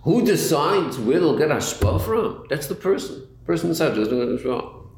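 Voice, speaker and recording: A man gives a lively Torah lecture in a fairly high, gravelly voice that rises and falls a lot. He asks himself questions and restarts phrases as he thinks. The recording is roomy, with a faint hiss behind him. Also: moderate pace. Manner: animated, rhetorical questions, repeats words while thinking. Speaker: Torah teacher. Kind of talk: Chassidus class lecture. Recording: echoey room with faint noise.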